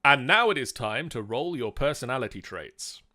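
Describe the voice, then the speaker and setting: Bright-voiced male game master. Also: medium pitch, lively intonation, moderate pace. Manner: patient, methodical explainer. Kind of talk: explaining rules and reading chat on a live tabletop stream.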